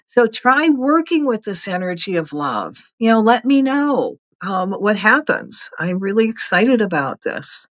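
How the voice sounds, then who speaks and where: A woman's voice: mid-range voice, big pitch swings, unhurried, hardly any pauses, no room sound, poor audio. Middle-aged lady chatting earnestly about energy stuff, chatty and upbeat, dry close sound. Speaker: host. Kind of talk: casual spiritual talk.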